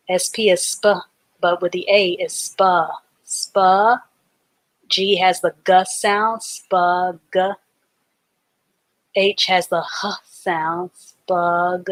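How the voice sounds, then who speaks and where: Female literacy teacher for a live class. Very slow, patient delivery, sounds out letters and syllables. Dry, close recording. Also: fairly low pitch, dry recording. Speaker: reading teacher. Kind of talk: live online reading lesson.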